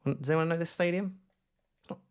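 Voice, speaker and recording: A man's voice: fairly high pitch, fairly quick, clean tone. Chatty man thinking aloud. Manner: chatty, rambling, self-mocking, thinks aloud with many fillers. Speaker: streamer. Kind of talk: casual live-stream commentary while playing a map guessing game.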